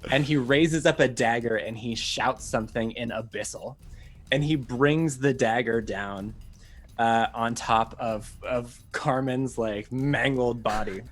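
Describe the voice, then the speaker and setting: A man's voice: medium pitch, a little slow. A British man narrating as dungeon master, dramatic and laughing as he tells the action. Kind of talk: narrating a tabletop game.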